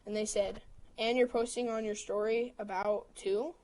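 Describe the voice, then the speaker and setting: Woman rapidly recounting an argument. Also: mid-range voice, fairly even intonation, darkish tone, low-quality recording. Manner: retells text arguments quickly, quoting both sides. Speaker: livestream host. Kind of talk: casual storytelling on a livestream.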